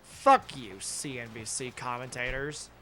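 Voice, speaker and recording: A man's voice: mid-range voice, unhurried, a bit bright. A young man streaming from home, ranting heatedly and with lots of swearing into a desk microphone. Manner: heated, profane ranting with sarcastic asides. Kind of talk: casual angry rant while streaming a game.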